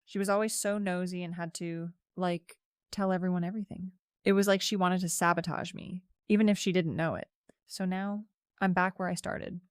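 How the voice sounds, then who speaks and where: A woman's voice: fairly low pitch, fairly even intonation, moderate pace, clear, resonant tone, no room sound, clean studio sound. A young woman narrating a first-person story in a casual, chatty way, with lots of "like" fillers.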